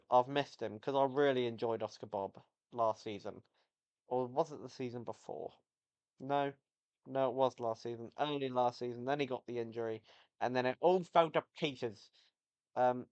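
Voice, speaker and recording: A man giving a casual, rambling football match review, often correcting himself as he goes. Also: medium pitch. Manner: rambling, self-correcting, enthusiastic. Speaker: football vlogger.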